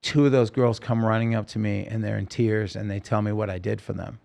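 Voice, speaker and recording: A singer-songwriter guest on a podcast, telling a personal story earnestly and emotionally in halting sentences full of restarts. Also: male voice, fairly low pitch, little pitch movement, gravelly, a little mellow.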